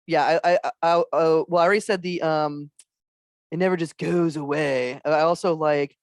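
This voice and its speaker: A man chatting as a podcast guest, swearing freely, laughing often and dropping into quick impressions. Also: fairly high pitch, steady tone, dry recording, studio quality. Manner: profane, laughs a lot, does impressions. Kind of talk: casual chat.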